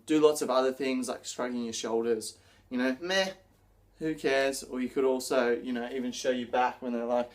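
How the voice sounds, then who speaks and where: A man coaching public speaking straight to camera, energetic, acting out gestures as he explains them. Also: medium pitch. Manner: energetic, demonstrates gestures while talking. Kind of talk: direct-to-camera teaching video.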